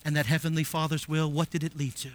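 A man preaching a sermon. He rises to emphatic declarations, drops to quiet asides and asks the congregation rhetorical questions. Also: fairly high pitch, level tone, fast talker. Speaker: pastor.

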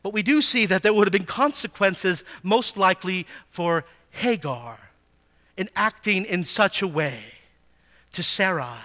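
A man teaching a Bible passage in a sermon, animated and asking his listeners frequent rhetorical questions. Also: sits high, a little slow.

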